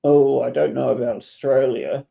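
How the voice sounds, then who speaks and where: Gravelly New man on a dull line. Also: mid-range voice, normal speed, a crowd in the background. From New Zealand. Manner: hesitant, many uhs and ums. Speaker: panelist. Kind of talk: casual panel chat.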